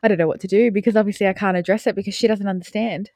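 A woman's voice: mid-range voice, racing, no room sound, studio quality. A young woman co-hosting a podcast, telling stories in casual chat, laughing and swearing freely. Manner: animated storyteller, swears freely, laughs often. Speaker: podcast co-host.

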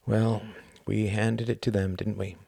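A man voicing a sorrowful, reflective British ambassador in an audiobook, speaking in a quiet, measured, grave way. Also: fairly low pitch, level tone, creaky, husky, dry recording, heavily acted.

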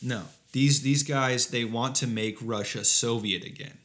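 A man's voice: medium pitch, steady tone, unhurried, fairly bright tone. A man co-hosting a comedy podcast, riffing sarcastically with mock outrage and swearing. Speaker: podcast co-host. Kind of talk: comedic casual chat.

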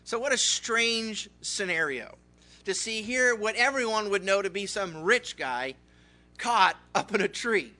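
A man preaching a Bible study sermon, telling the story in a lively way. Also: high-pitched, measured pace. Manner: animated storytelling, acts out characters. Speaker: pastor.

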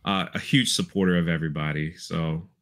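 A guest on a live stream, this man talks in a halting way, full of likes and ums. His voice is low but bright and forceful in tone. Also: fairly even intonation. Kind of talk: casual live-stream chat.

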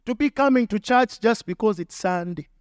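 High-voiced preaching pastor, dry sound. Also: male voice, moderate pace, dry recording. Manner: emphatic preaching with repetition and acted quotes. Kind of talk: sermon.

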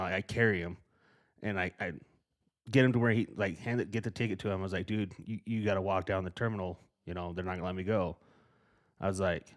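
A middle-aged man co-hosting a podcast, telling a story in casual chat with lots of swearing and acted-out quotes. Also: low-pitched. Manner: profane, animated storytelling, acting out quotes. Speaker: podcast co-host.

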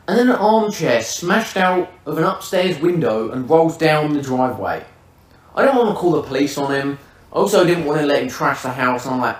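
A man's voice: a little high, animated, a little fast. A man hosting a podcast who tells a vivid, swear-laden comic story in casual chat. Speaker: podcast host. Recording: roomy, distant mic.

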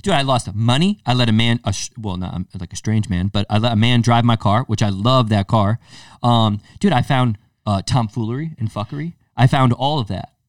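Male podcast co-host, lively storyteller who acts out his quotes, sits back from a dry mic. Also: medium pitch, brisk, dry recording, recorded from a distance. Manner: animated storyteller, acts out quotes, many restarts. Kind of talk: casual storytelling chat.

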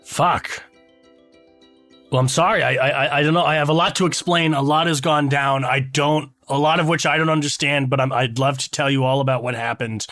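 A man voicing an excitable, childlike male bard who exclaims loudly and jokes around. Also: on the high side, a little fast, soft background music, natural voice. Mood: apologetic. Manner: loud, exclaiming, jokey.

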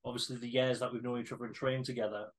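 A man co-hosting a podcast, talking in a relaxed way with fillers and some swearing. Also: mid-range voice, very fast, noisy background. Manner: laid-back, swearing, hesitant fillers. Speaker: podcast co-host. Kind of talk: casual podcast chat.

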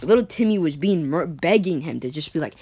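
A woman telling an improvised sci-fi story, rambling with many restarts, a cough, and frequent throat clearing. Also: low voice, lively intonation, brisk, mellow.

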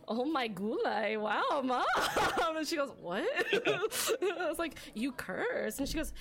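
A woman hosting a casual podcast, her voice sitting on the higher side. She laughs often and talks with plenty of filler words. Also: big pitch swings, takes it slowly, crowd noise. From Philippines. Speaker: podcast host. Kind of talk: casual chat.

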